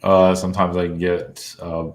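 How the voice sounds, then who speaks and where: Deep-voiced, halting male guest. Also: completely flat delivery. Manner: soft-spoken, halting, many fillers and little laughs. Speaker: guest, channeler. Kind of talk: casual interview talk.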